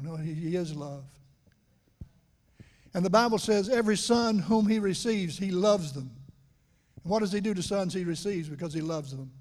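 Middle-aged preacher man, high-ish voice, chatty with the church, gets loud then real quiet. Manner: conversational, asks the congregation questions. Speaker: pastor. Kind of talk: sermon. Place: church sanctuary.

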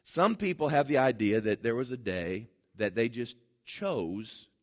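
Guy preaching a sermon, lively up and down voice, gets loud then real quiet. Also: mid-range voice. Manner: animated, swings from loud emphasis to quiet, drawn-out words. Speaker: pastor.

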